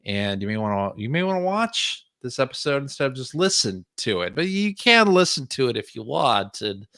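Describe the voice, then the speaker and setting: A man's voice: medium pitch, big pitch swings, normal speed, bright, forceful tone, no echo, studio quality. A man hosting a podcast in casual chat, loose and chatty, with frequent fillers. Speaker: podcast host.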